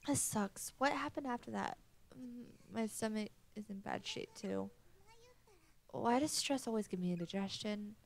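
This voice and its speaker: A woman's voice: medium pitch, unhurried, gravelly. Young woman reading a game aloud. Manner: reads all characters in her own voice, lightly acted. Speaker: let's play gamer.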